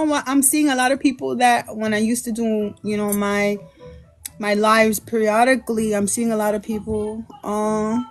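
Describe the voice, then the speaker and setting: A woman hosting a tarot livestream, chatting in a bubbly way, greeting viewers by name and mixing in Spanish words. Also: a little high. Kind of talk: casual livestream chat. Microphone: phone livestream.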